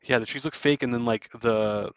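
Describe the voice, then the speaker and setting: A man's voice: medium pitch, moderate pace, clear, resonant tone, no room sound, lo-fi sound. A man hosting a podcast, loosely retelling a film scene by scene with plenty of fillers. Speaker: podcast host. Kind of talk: casual film recap.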